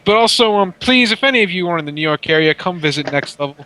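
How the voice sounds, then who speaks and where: A man co-hosting a casual gaming podcast, telling stories in an animated, profane way. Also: high voice, fast talker. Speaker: podcast co-host.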